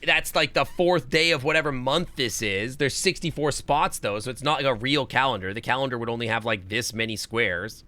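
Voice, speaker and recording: A man's voice: medium pitch, brisk, few pauses, bright, forceful tone. A man streaming a puzzle game live, thinking aloud and swearing in frustration. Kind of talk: live gameplay commentary.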